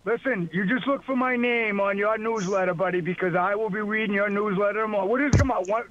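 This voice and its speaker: Boston caller on a muffled line. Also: male voice, high-pitched, fast, a bit bright. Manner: affectionate, calls host "buddy". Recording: muffled phone line with faint noise.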